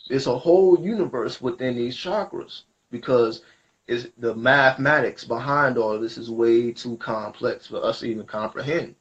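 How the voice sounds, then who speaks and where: A man gives a spiritual reading at a middle pitch, talking in loose, rambling and slangy explanations. The recording sounds dull and lo-fi. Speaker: spiritual reader. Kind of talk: casual spoken reading.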